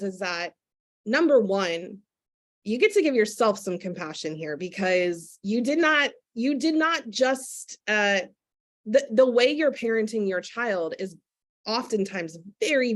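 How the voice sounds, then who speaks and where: A woman speaking as a guest in a candid conversation, earnestly and reflectively explaining parenting step by step. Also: mid-range voice.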